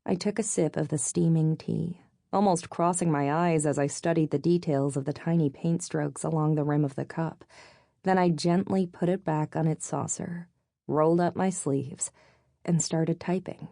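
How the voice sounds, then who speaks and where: Low-voiced woman narrating an audiobook. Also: fairly even intonation, normal speed, creaky, dark tone, no room sound, studio quality. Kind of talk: scripted narration.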